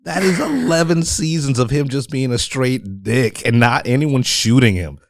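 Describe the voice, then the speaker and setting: A man co-hosting a casual podcast chat, relaxed and joking, swearing freely. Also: medium pitch, moderate pace, no room sound, studio quality. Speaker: podcast co-host.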